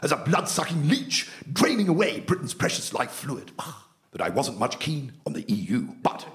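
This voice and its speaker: A man's voice: mid-range voice, wildly swooping pitch, moderate pace, a bit bright. An actor playing an evasive male leadership candidate. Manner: evasive, backtracking.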